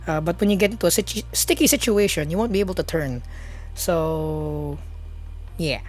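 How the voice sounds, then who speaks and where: Woman streamer, lowish voice, rambling casual chat over faint music. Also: normal speed. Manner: rambling, chatty, many fillers and restarts.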